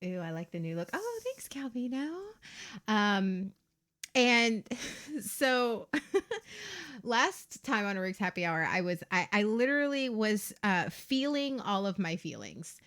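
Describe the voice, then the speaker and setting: A woman's voice: medium pitch, sing-song, slow pace, fairly bright tone. A woman hosting her own livestream, talking candidly, laughing often and swearing freely. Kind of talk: casual livestream chat.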